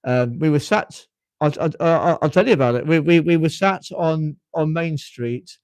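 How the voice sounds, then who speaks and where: A man's voice: a little high, moderate pace, darkish tone, no echo. A British man in his fifties with a well-spoken accent, hosting a casual live chat and often stopping to repeat his words. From United Kingdom. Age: 50s. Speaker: livestream host.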